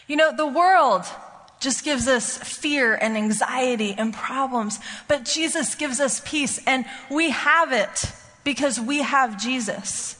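A woman's voice: sits high, takes it slowly, fairly bright tone, big-room sound. A woman preaching a sermon in a conversational, emphatic way, often checking in with the listeners. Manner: conversational, emphatic, frequent "okay?" check-ins.

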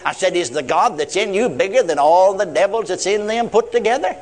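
A man's voice: high voice, lively intonation, fairly quick. A man preaching a sermon, retelling a conversation and acting out both sides. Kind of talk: sermon with retold dialogue.

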